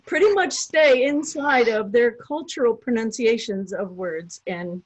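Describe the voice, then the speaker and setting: Woman asking stuff on a webinar, slightly high voice, thinks out loud, dry sound. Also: no echo, low-quality recording. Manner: thoughtful, halting, repeats words as she thinks. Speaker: webinar participant asking a question. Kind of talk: question in an online webinar.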